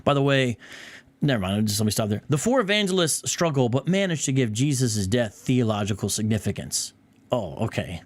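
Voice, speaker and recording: A man's voice: medium pitch, animated, brisk, no room sound. A man hosting a podcast, reading a passage aloud and breaking in with heated, exasperated rebuttals. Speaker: podcast host.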